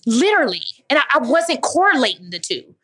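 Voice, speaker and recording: A woman's voice: high voice, sing-song, fairly quick, pushed and bright, dry recording. A woman speaking as guest at a live Q&A, answering audience questions in an emphatic, motivational way and calling listeners "baby". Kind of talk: live Q&A talk.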